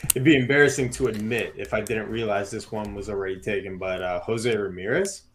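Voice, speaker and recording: A man's voice: fairly low pitch, brisk, slight background noise. Hesitant man on a podcast panel. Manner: hesitant, self-conscious. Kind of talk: casual roundtable chat.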